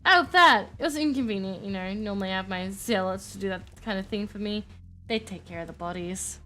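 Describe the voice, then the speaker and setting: A woman's voice: mid-range voice, brisk, pushed and bright, lightly acted. A woman voicing an ancient, squeamish and haughty vampire woman, in a prim, fussy, complaining manner.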